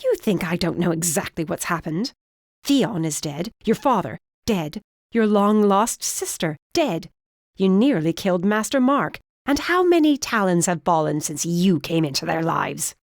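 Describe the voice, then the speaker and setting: A woman's voice: on the low side, big pitch swings, a little slow, dry recording, studio quality. A woman doing a stern, imperious witch mother. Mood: cold. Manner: clipped, imperious. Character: stern disapproving middle-aged witch mother, cold.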